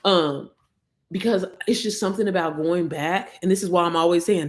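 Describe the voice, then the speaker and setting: A woman's voice: fairly low pitch, normal speed. A woman hosting a casual livestream, chatting directly to her viewers and calling them girl and baby, sometimes reading affirmations aloud. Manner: reads out affirmations. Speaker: livestream host.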